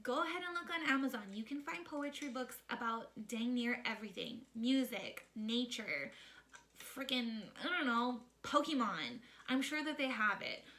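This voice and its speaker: A woman's voice: fairly high pitch, normal speed. A woman hosting a parenting book club vlog, giving chatty, emphatic advice and often checking in with "okay?". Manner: lively and animated.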